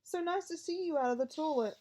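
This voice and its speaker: A woman voicing an earnest schoolgirl who speaks anxiously and in a falsely bright tone. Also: sits high, lively intonation, brisk, voice pushed up.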